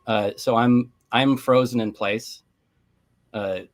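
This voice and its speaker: A man playing a tabletop horror game, describing in halting, restarting speech what his character stares at. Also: mid-range voice, fairly even intonation. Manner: halting, fixated, with frequent restarts. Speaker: player.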